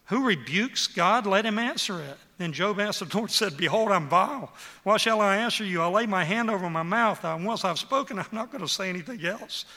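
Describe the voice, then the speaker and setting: A man's voice: sits high, expressive, brisk, bright, forceful tone. Emphatic preacher man in a reverberant hall. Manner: emphatic, rhetorical questioning. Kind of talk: sermon.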